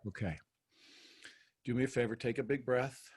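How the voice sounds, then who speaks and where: A man hosting a live group call, coaching a caller and gently asking her permission before he guides her. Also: medium pitch, moderate pace, husky, no echo. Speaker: host and coach.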